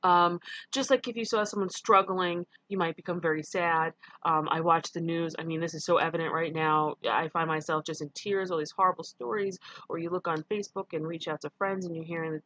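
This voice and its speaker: This recorded online lecture comes from a middle-aged teacher from New York who speaks conversationally, full of ums and self-corrections. Her voice sits on the low side, brisk and fairly bright with a steady tone, and there's no room sound.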